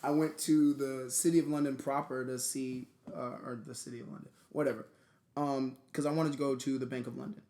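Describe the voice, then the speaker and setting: A man's voice: mid-range voice, flat delivery, fairly quick, mellow. A man co-hosting a casual podcast chat in an easygoing, chatty way. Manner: easygoing, chatty, recounting a trip. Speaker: podcast co-host. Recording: roomy echo.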